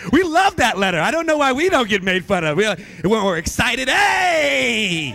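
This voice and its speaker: Male stand-up comic, high pitched and wildly expressive, faint noise behind. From US East Coast. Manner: animated, quick shifts into family impressions. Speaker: stand-up comedian. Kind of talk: stand-up comedy at a church. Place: church hall.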